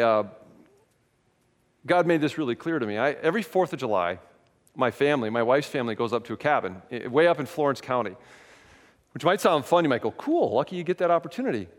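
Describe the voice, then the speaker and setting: Male pastor, higher voice, candid self-mocking sermon, long reverb of a large church hall.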